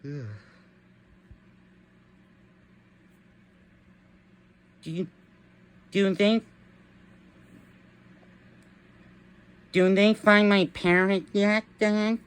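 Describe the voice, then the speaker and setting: A man voicing an excitable young boy who lost his pet parrot, in a squeaky, excited voice. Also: a little slow, clean tone. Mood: worried.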